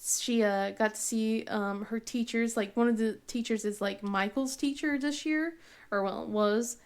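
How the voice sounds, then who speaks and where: Woman, thirties, craft vlogger, casual storytelling, rambling, lots of fillers, laughs often, slightly high pitch. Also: a little slow, clear, resonant tone. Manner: rambling, full of fillers and restarts; laughs often while telling. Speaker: craft channel host.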